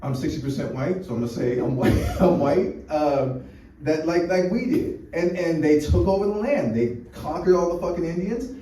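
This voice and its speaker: His voice runs on the high side, warm and animated, at a moderate pace. This American comic delivers a crude, meandering set packed with fillers and false starts, captured from afar by an echoey room mic with a little background noise.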